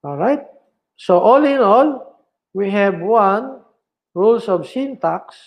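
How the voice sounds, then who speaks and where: A male philosophy lecturer with a Filipino accent teaches in an unhurried, higher-pitched voice. He mixes English and Tagalog, asks the class questions and answers them himself, and repeats each key point. He jokes now and then. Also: expressive.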